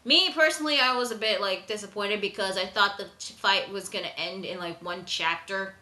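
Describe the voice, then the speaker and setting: A woman's voice: medium pitch, brisk, sharp tone. A woman giving a casual, chatty manga chapter review with sudden exclamatory outbursts. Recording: echoey room.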